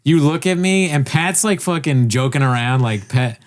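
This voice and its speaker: A man's voice: a little high, normal speed. A man telling a rambling story in casual podcast chat, swearing and acting out what people said. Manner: rambling, animated, swears, acts out quotes.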